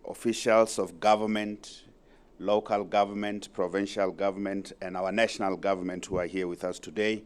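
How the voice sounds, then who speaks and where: A fairly low-voiced South African man addresses a conference hall from the podium. His delivery is formal and measured, and he leans hard on repeated phrases to press his points home. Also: clear, resonant tone. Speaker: provincial premier giving a speech. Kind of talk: formal public speech.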